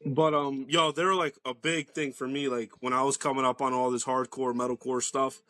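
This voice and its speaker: A man's voice: mid-range voice, little pitch movement, fairly quick, bright, forceful tone, dry recording. A man chatting casually as a podcast guest, rambling loosely with lots of "like" and swearing.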